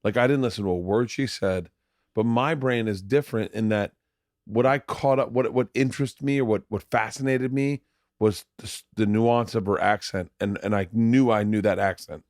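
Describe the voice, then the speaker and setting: A man's voice: lowish voice, normal speed, a little mellow, no room sound, studio quality. A middle-aged man telling a family story at home in casual, rambling speech, repeating words as he goes. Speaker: podcast guest, husband. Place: home, late night.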